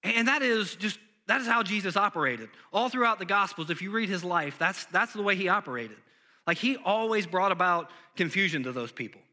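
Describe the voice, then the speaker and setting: A young pastor delivers his sermon with a very bright, ringing tone that sits high for a man. He talks loosely and conversationally, peppering his points with "like" and quick restarts. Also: lively intonation. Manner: casual, conversational preaching with many "like" fillers.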